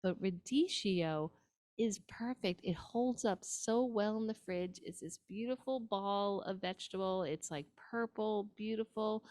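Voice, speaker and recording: A woman's voice: mid-range voice, measured pace, darkish tone, no echo. A woman with a New York accent hosting a nutrition show, giving casual, chatty advice with frequent asides and ums.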